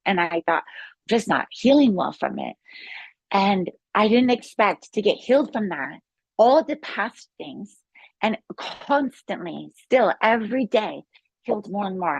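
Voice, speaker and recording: Excited woman telling her story. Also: mid-range voice, vocal fry, slightly rough, no echo. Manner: excited, rambling storytelling with restarts. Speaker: guest sharing a healing testimony; yoga instructor. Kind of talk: casual spoken testimony.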